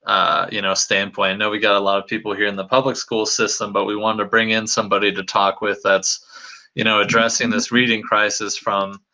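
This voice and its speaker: A man's voice: lowish voice, level tone, brisk, pushed and bright, low-quality recording. A young man co-hosting a webinar, explaining the setup in a hesitant way with many fillers. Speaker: co-host.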